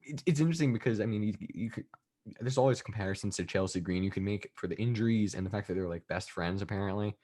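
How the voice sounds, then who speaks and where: A man's voice: lowish voice, fast, dark tone. A man co-hosting a wrestling podcast, rambling with many restarts and "I mean"s. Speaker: podcast co-host. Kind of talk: casual chat.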